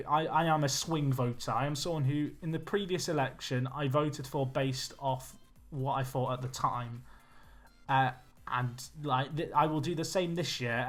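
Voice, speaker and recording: A young man chatting with his viewers while he plays, excitable and casual. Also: a little high. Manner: chatty, excitable, talks to chat. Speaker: streamer. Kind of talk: live game commentary and chat. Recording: faint music behind.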